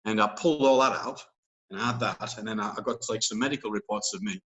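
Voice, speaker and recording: A man's voice: fairly low pitch, fast, a bit bright, poor audio. Rambling man telling a story. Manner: rambling, emphatic storytelling with many fillers. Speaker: interview guest. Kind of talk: casual chat.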